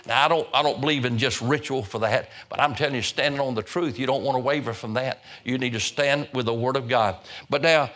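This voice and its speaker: Older man, folksy preacher at the pulpit. Bright, forceful tone, middle pitch. Stumbles and repeats as he builds his points. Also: brisk, few pauses. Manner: folksy, repeats words and restarts phrases. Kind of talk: sermon.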